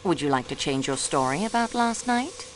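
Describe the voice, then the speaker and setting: In this video game voice acting, a young woman speaks low-pitched and very animated at a moderate pace, with slight background noise. She plays a railway clerk who acts as detective in a mystery game, a sharp young sleuth who stays cool, poised and persistent. The mood is probing, and French phrases turn up in her lines.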